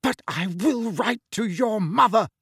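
Man doing a high-pitched teenage schoolgirl, bossy, sharp, scolding, audiobook, dry sound. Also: sing-song, moderate pace, breathy edge, dry recording, heavily acted. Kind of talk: audiobook character voice.

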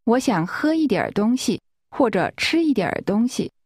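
Woman, lesson model speaker, higher voice, lively, careful enunciation, dry. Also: moderate pace, husky, no echo. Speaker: native speaker model in a language course. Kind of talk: scripted example phrases.

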